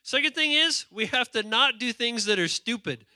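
A male pastor delivers a lively sermon, reading scripture aloud, tossing in playful asides, and calling on the congregation to respond. His voice is extremely high-pitched at a normal speed. The recording is dry and clean, with studio sound.

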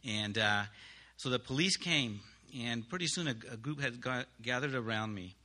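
A man, a missionary, giving an earnest spoken testimony to a congregation, halting with pauses and restarts. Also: medium pitch, bright, forceful tone.

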